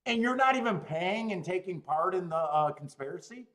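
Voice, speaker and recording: A man's voice: high voice, lively intonation, moderate pace, hardly any pauses, fairly bright tone. A man hosting a live stream, worked up and ranting, pleading, swearing and laughing as he talks. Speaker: host. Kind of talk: live-stream chat rant.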